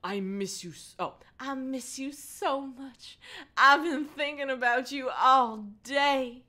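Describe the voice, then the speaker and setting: A woman's voice: sits high, lively intonation, slow pace, bright, forceful tone, pitched above the performer's own voice, exaggerated voice. A woman putting on the raised, overly sweet voice of an eager teenage girl. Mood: gushing.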